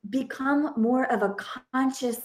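A woman in her thirties hosts a casual podcast conversation as a parenting coach. Her voice sits fairly high, and she talks earnestly and expressively, often breaking off and restarting her sentences. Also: a little slow, a little mellow.

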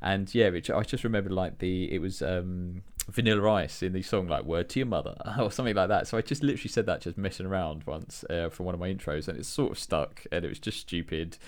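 An English man with a deep, low voice co-hosts a relaxed podcast chat. He talks in a laid-back, self-deprecating way, often pausing on um and uh. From England. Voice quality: relaxed, self-deprecating, hesitant with many fillers. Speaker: podcast co-host. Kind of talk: casual chat.

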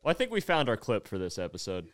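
Teasing man with an expressive voice. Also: fairly low pitch, fast. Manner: teasing, mock-announcer asides. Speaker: podcast co-host. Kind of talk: casual comedic podcast chat.

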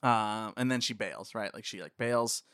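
A man's voice: lowish voice, moderate pace, fairly bright tone, smooth, no room sound, clean studio sound. A man in casual conversation about a film, rambling and laughing as he retells scenes. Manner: rambling, laughs often, quotes scenes in voices. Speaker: podcast co-host. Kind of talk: casual movie commentary chat.

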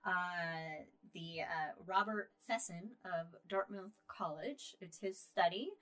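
A woman co-hosting a podcast, chatting casually about astronomy news with lots of ums and uhs and a loudness that rises and falls. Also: on the low side, slow pace. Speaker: podcast co-host.

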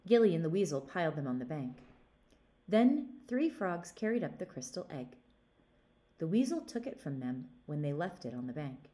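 Lively low-voiced woman storyteller. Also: normal speed. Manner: animated, expressive storytelling. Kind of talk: reading a fairy tale to children.

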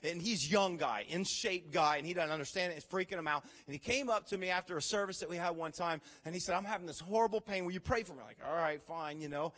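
A man preaching a sermon as pastor, telling stories with animated, acted-out reactions. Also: on the high side, fast, hardly any pauses, big-room sound. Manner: animated storytelling, acts out his own reactions.

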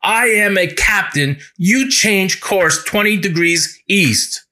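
A man voicing a stern male warship captain who gives commands slowly and with emphasis in a sermon story. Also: a little high, sharp tone. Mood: commanding.

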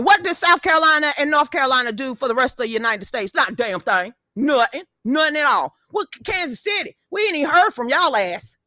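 A middle-aged woman chats as a live show host, brash, profane and joking. Her voice sits a bit high, with a bright, sharp edge. The sound is dry and close. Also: dry recording. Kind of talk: casual chat.

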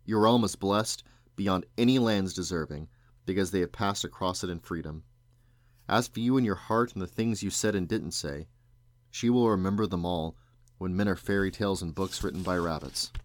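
A man's voice: deep voice, no echo, lightly acted. A man reading aloud and voicing a grown male magician, wry and rueful, in a storybook. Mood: sharp. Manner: brisk and sharp, then wistful.

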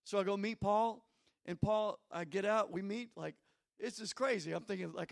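A male pastor preaching a sermon, telling stories and building to shouted climaxes. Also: high voice, fairly quick, creaky.

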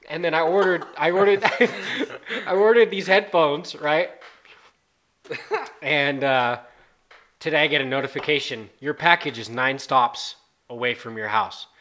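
A man's voice: fairly high pitch, slow, long pauses, sharp tone, slight background noise. A man in casual chat, telling laid-back, rambling anecdotes.

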